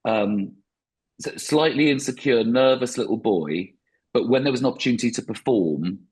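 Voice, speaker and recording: A man's voice: medium pitch, moderate pace, a little mellow, husky. A man, a stand-up comedian, talking reflectively in a podcast interview with frequent restarts.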